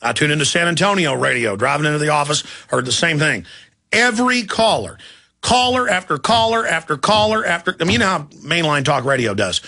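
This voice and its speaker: A man's voice: on the high side, sing-song, gravelly, bright, forceful tone. A man hosting a talk radio show, delivering an emphatic, indignant monologue. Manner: emphatic, rapid-fire, indignant.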